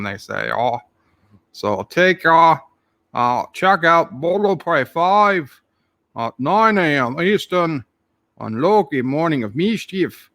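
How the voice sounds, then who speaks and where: A man's voice: medium pitch, fairly bright tone, dry recording. A man voicing a jolly Irish leprechaun who rambles through tall tales, full of "aye" and "wee lad", with a put-on Irish accent. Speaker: channel host. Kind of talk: comic character monologue.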